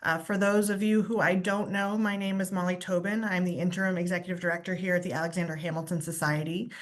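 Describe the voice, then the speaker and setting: Lady hosting a book talk on a video call, lowish voice, formal intro then conversational. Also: flat delivery, fast. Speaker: host introducing a guest. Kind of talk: moderating a virtual book talk.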